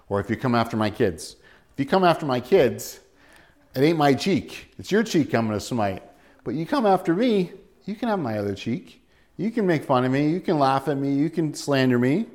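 A man preaching a sermon in a casual, joking way, acting out quotes and dropping to a soft, low voice on key points. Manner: conversational preaching with jokes and acted-out quotes. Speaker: pastor.

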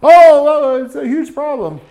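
A man putting on the voice of a fussy adult who panics over small problems, in a high, overwrought tone. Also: a little slow, dark tone. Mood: whiny.

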